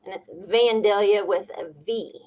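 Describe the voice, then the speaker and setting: A woman from Illinois co-hosting a casual live chat, laughing easily. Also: medium pitch. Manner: laughs easily, drawn-out relaxed delivery.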